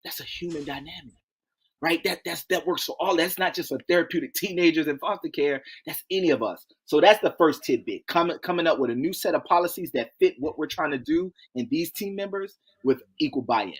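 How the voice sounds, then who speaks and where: A man as an interview guest, telling stories in a lively, folksy way, acting out quotes and repeating key phrases. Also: a little high, a little fast, husky. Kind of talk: animated interview storytelling.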